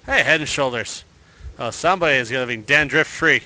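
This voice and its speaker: A man's voice: mid-range voice, fairly quick, pushed and bright, low-quality recording. A man giving horror game commentary, narrating his own moves with joking asides to himself. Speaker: let's play host.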